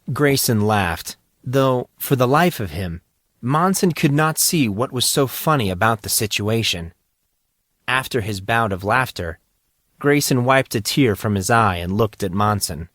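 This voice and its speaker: Slow-reading male narrator. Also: medium pitch, expressive, a bit bright, no room sound, studio quality. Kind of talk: audiobook narration.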